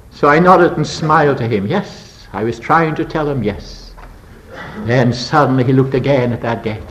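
An older man preaching a sermon as a story, dramatic, swinging between loud bursts and hushed low passages. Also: poor audio.

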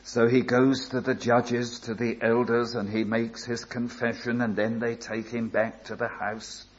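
An older man preaching a sermon, telling a story slowly and building to emphatic appeals. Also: medium pitch, a little mellow, highs cut off. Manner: slow, deliberate storytelling with rising emphatic appeals.

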